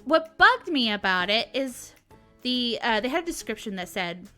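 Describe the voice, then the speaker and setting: Bright-voiced Southern woman ranting. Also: fairly high pitch, normal speed, faint music behind. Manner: animated, laughs often, sarcastic asides. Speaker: vlog host. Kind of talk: casual ranting commentary.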